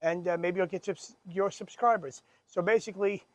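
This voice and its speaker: High-voiced man laughing through stories. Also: fairly even intonation, normal speed, no echo. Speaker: podcast co-host. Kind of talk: casual chat.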